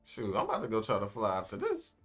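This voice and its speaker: A man's voice: on the low side, huge pitch swings, quick pace, fairly bright tone, soft background music. A young man co-hosting a reaction video, laughing and exclaiming in casual slang banter.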